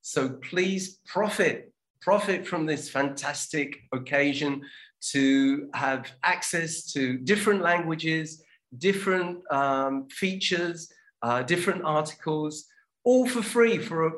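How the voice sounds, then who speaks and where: A man's voice: fairly high pitch, takes it slowly, fairly bright tone. A man with a slightly raised voice hosts a language-learning show. He talks in a loose, chatty way. He often restarts his sentences and slips in plugs for the show. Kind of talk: casual chat.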